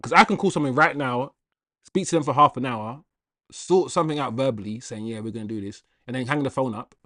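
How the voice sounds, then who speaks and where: A young man hosting a casual football livestream, reading viewer comments with slangy, animated chatter and laughter. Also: mid-range voice, a little fast, no room sound, clean studio sound.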